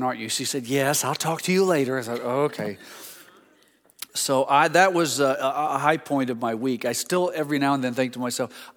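A pastor telling a chatty, excitable story during a sermon. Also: male voice, mid-range voice, big-room sound.

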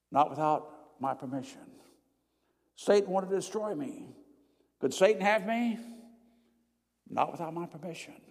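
An older man preaching a sermon in a church and telling his testimony dramatically. He swings from loud exclamations to hushed prayer. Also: fairly high pitch. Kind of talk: evening sermon with personal testimony. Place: church sanctuary before a congregation. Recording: long reverb of a large hall.

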